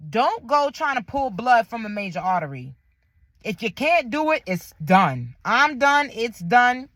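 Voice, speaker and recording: A woman's voice: mid-range voice, a bit bright, no echo. A young woman tells a personal story, emphatic and blunt. The recording is dry and close. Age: young adult. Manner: candid, emphatic, slangy with faith phrases.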